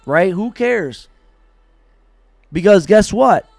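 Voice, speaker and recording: A man's voice: high voice, takes it slowly, creaky, no echo, faint music behind. Blunt, profane man teaching trading live. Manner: blunt, profane, animated, acts out traders' reactions. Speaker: trading livestream host. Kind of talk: live-stream trading lesson.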